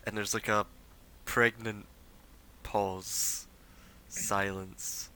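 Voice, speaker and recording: A man narrating a tabletop role-playing game as game master, in a relaxed, unhurried way. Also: lowish voice, poor audio. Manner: relaxed, unhurried storytelling with fillers.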